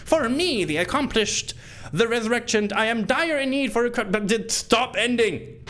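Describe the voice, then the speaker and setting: A man's voice: very high-pitched, lively intonation, normal speed, fairly bright tone, slight background noise, voice pushed up. A man voicing a deranged male occultist hungry for more victims, in a crazed, possessed-sounding voice while reading game text dramatically. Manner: theatrical, overwrought reading.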